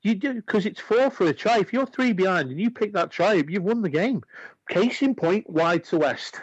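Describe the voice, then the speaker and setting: This male sports radio co-host sits high in pitch and sounds expressive and a little breathy, talking at normal speed. He argues his point earnestly, stammering and restarting often, in casual studio sports chat; the recording is muffled, with no room sound.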